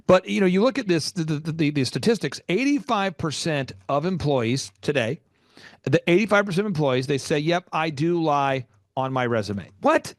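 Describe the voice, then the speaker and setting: A man in his forties hosts a business podcast in a slightly high voice. He hammers his points home, repeats himself for emphasis and shoots up in pitch when something shocks him. The recording is close and dry. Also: lively intonation, normal speed, no room sound. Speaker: podcast host, business coach. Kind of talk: animated interview talk.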